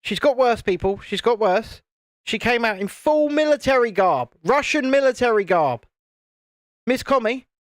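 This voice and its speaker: Wry British host, lively delivery. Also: medium pitch, moderate pace, no echo, studio quality. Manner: wry, teasing banter with the chat. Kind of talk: live-stream chat while building a model.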